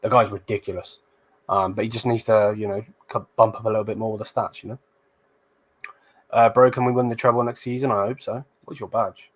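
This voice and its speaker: A man's voice: on the low side, level tone, brisk. A young man hosting a football channel, chatting casually with viewers and reading their comments, blunt and slangy with some swearing.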